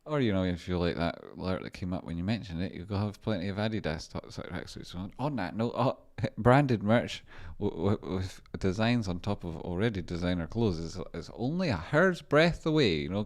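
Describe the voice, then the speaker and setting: A man's voice: sits low, darkish tone. A man hosting a live stream, chatting loosely and rambling as he answers his chat and talks through stock charts. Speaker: livestream host doing stock chart analysis.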